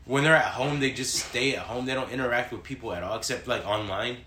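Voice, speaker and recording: Brief: casual male co-host, profane and blunt, bright tone, faint background hum. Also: medium pitch. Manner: blunt, profane, quick to joke. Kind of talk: casual chat. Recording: echoey room with faint ambience.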